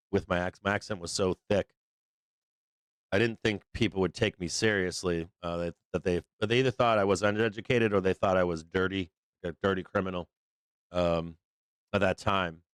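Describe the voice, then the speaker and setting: On his live stock market show, a man from Boston, USA talks off the cuff with a deep voice. The casual livestream chat is rambling and profane with frequent fillers, and the sound is clean with no room tone.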